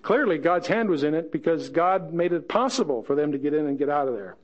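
A man's voice: on the high side, expressive, a little fast, highs cut off. A man teaching verse by verse through a Bible passage, chatting with joking asides and reading the scripture quotes dramatically.

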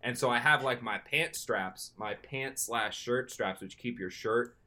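A young man casually telling a long, animated story as a podcast co-host, often slipping into excited quoted self-talk. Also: mid-range voice, a little slow.

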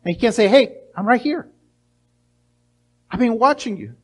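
A middle-aged pastor with a high voice preaches in an animated way. He slips into little acted-out voices and often stumbles and restarts his words. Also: moderate pace, slightly rough. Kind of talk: sermon.

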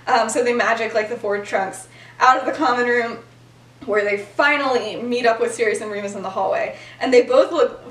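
A young woman with a fairly high voice retells a story with giggles and a steady stream of fillers. She sits a bit back from the mic, and the room around her is echoey. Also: a little fast, far from the mic. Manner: giggly, animated, lots of fillers. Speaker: podcast host telling the story. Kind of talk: casual storytelling chat.

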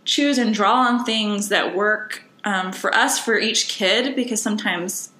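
Bright-voiced woman host, echoey room. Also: medium pitch, a little slow. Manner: chatty, rambling, many fillers. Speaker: podcast host. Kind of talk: casual interview chat.

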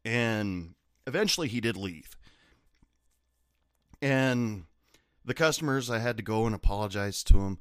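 Male bartender-storyteller, lively swinging pitch, dry close mic, profane and sardonic. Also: a little slow, pauses often, clean tone, no echo. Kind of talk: casual storytelling.

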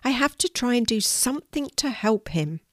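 A woman reading aloud gives voice to an earnest little girl in a storybook, kind-hearted and polite. She speaks a little higher than the reader's own voice, set in a dry, close sound. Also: animated, moderate pace, no room sound, close to an everyday voice. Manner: earnest and hushed. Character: kind young girl who loves animals.

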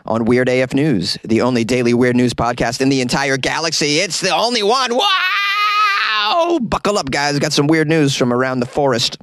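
A man's voice: medium pitch, fairly even intonation, fairly quick, no echo. A man hosting a comedy news podcast, reading stories aloud and breaking off into sarcastic rants, recorded in a small closet.

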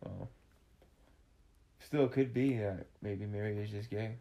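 A woman's voice: a bass voice, slow, gravelly, mellow, a little hiss or hum. A woman co-hosting a podcast, speaking bluntly, swearing and joking in casual chat. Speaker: podcast co-host.

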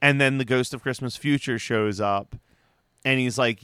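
A man with a bright, crisp voice chats on a podcast, recounting a cartoon plot with lively energy. He swears freely and jumps into the characters' lines. The sound is close and dry, with no room around it. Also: medium pitch, moderate pace, dry recording. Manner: animated, swears, acts out characters in quotes. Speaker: podcast co-host. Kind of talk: casual podcast chat.

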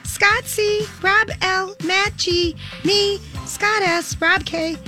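A woman playing a manipulative, gossipy teenage girl, reading out notes in a fast, high, chirpy voice. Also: fairly even intonation, over music. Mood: scheming, gossipy. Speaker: actor reading old high school notes.

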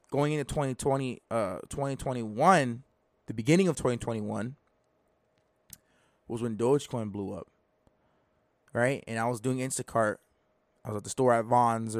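A man's voice: medium pitch, no echo. Rambling man telling his own story. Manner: rambling and self-deprecating, with many restarts. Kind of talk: casual personal storytelling.

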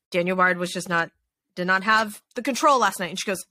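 A woman hosts a podcast from her home desk, and she talks in a casual, animated way. Her voice is bright and forward, and she swears freely and keeps breaking off into quick asides. The sound is dry and close. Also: mid-range voice, no room sound. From Texas. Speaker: podcast host. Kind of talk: casual chat. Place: home desk with snoring dogs.

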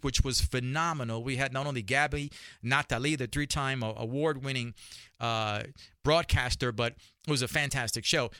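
A man's voice: medium pitch, pushed and bright, no echo, clean studio sound. A man with a New York accent hosting a talk podcast, speaking energetically and emphatically, repeating phrases for effect. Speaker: talk show host. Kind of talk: solo podcast monologue.

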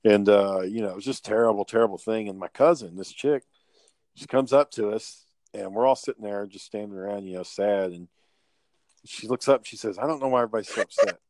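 Man, podcast host, low-pitched, dry close sound, rambling and profane storyteller. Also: moderate pace, a little mellow, dry recording. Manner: rambling, profane, laughs while telling stories. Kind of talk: casual storytelling chat.

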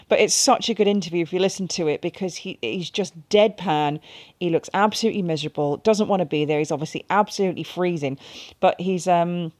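A woman on a sports chat show, telling a story with lively, animated delivery. Her voice is close and dry. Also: lowish voice, a little fast, no room sound. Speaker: podcast co-presenter. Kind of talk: casual chat.

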